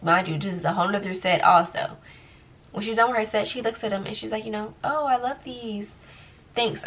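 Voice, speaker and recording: A young woman, a lash tech, telling a story casually and acting out what people said with big jumps in pitch. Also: recorded from a distance, poor audio. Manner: animated, acts out quoted dialogue with big pitch jumps. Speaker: lash technician vlogger.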